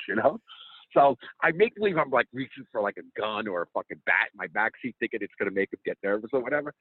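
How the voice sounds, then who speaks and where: A man guest telling a profane, animated story in a casual chat. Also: on the low side, fast talker, breathy edge, dry recording, phone-quality sound. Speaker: comedian guest.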